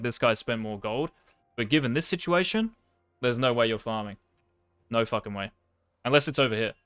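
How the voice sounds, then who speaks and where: Young man, game coach, blunt and sweary, casual slang, mid-pitched voice. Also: a bit bright, no echo. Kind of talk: blunt gameplay coaching over a replay.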